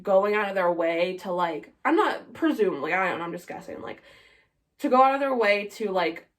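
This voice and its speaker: A woman's voice: mid-range voice, lively intonation, normal speed. This young woman speaks in a mid-range voice and talks in a loose, opinionated way, filling her sentences with "like". She co-hosts a casual podcast chat. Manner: chatty, opinionated, heavy use of "like". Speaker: podcast co-host.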